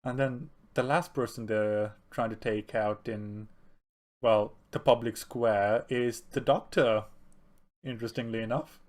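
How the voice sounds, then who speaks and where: Brief: male podcast co-host, mid-pitched, lively, laughs a lot, acts out quotes. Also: a little slow. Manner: animated, laughs often, acts out film lines. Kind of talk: casual film discussion chat.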